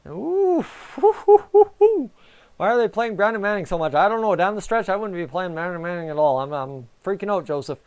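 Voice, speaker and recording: A young man giving nervous, excitable live reaction commentary on a hockey game and talking to his chat. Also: sits high, fast, few pauses, clear, resonant tone. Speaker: fan streamer.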